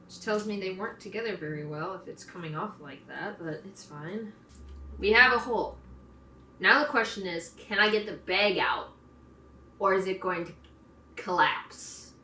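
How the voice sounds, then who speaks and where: A woman's voice: mid-range voice, unhurried, pauses often, pushed and bright, a little hiss or hum. A woman vlogger chatting casually and poking fun at herself while she works on a craft project. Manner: chatty and self-deprecating. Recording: roomy, from a distance.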